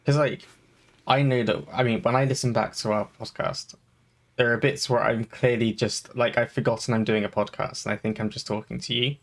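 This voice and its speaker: A man's voice: medium pitch, fairly even intonation, fairly quick, vocal fry. A man co-hosting a podcast in casual chat, rambling with many fillers and restarts. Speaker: podcast co-host.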